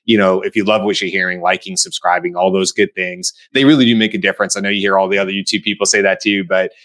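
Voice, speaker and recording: A middle-aged man from the United States speaks with a low voice as a show co-host. His talk is casual and animated, full of restarts and acted-out bits of dialogue. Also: fast talker. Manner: animated, acts out quoted voices. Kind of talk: casual panel discussion.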